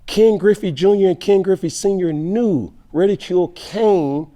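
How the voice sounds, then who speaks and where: A man's voice: sits high, moderate pace, warm tone. A man hosting a podcast, talking sports casually and emphatically, with slang and rhetorical questions. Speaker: podcast host.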